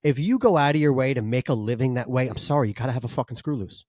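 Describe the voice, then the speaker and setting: A man's voice: medium pitch, quick pace, no room sound. A male stunt performer co-hosting a chat podcast, dropping into voices for each person in his stories and cursing casually. His voice sits in an ordinary middle register. He is recorded dry and close, with no room sound. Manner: animated storyteller acting out quotes, swears freely.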